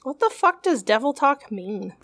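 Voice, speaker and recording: A woman with a higher voice that moves up and down a lot chimes in with short, deadpan quips. Her delivery is casual and chatty, and the sound is dry and close. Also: normal speed, no room sound. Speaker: podcast co-host. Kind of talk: casual chat.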